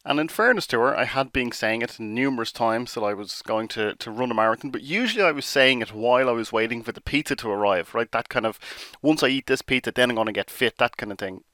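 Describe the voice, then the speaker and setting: A man's voice: mid-range voice, expressive, quick pace, few pauses, sharp tone, no echo, studio quality. Self-mocking man telling a story. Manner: chatty and self-mocking, with restarts and acted asides. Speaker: podcast host. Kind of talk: podcast storytelling.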